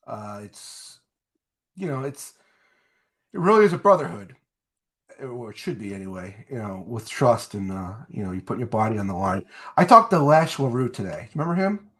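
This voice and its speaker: A man from New Jersey, a former wrestler telling stories in a casual interview, rambling and repeating words, getting animated as he goes. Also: mid-range voice, normal speed. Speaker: guest, former pro wrestler.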